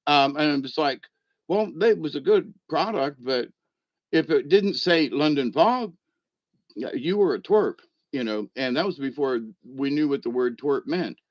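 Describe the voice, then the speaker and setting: A middle-aged man rambles through an irreverent comic monologue in a folksy way, often chuckling at his own jokes. His voice sits a little high for a man. The sound is dry, with no room echo. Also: lively intonation, measured pace. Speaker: vlog host.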